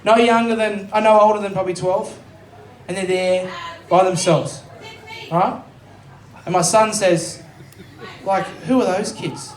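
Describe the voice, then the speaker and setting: A high-pitched Australian man performing stand-up, rambling off into self-mocking asides and swearing. He is picked up from a distance in a roomy venue, with a faint ambience behind him. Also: steady tone, unhurried, long pauses, slight background noise. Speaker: stand-up comedian. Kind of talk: live stand-up set. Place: live comedy venue.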